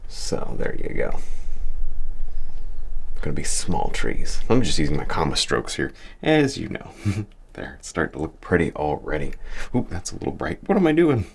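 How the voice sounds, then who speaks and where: A man's voice: a bass voice, huge pitch swings, fairly quick, vocal fry, slightly rough. A man teaching a painting lesson, chatting and encouraging as he works, chuckling often. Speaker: painting instructor. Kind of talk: relaxed painting tutorial.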